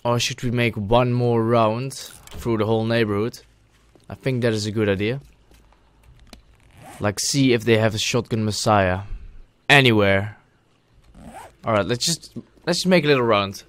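Slow-talking man narrating his gameplay. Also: lowish voice. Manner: talks to himself, bursts into loud excited shouts. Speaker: gaming channel host. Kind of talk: let's play commentary.

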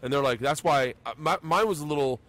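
A man's voice: a little high, brisk, dry recording. A middle-aged male comedian hosting a podcast, telling profane stories and acting out quotes in a loose, casual way. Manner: profane, animated storytelling with acted-out quotes.

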